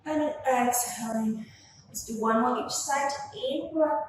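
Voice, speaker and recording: A young woman leading a gentle Pilates workout with slow, soothing cues, filmed on a camera from across the room. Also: fairly high pitch, a little hiss or hum. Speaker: Pilates instructor. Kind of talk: guided workout instruction. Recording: echoey room, voice from a distance.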